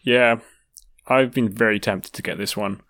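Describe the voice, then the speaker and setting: A man co-hosting a casual gaming podcast, relaxed and joking. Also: fairly low pitch, a little slow, no room sound, clean studio sound. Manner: relaxed, joking, unsure on names. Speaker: podcast co-host. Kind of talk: casual chat.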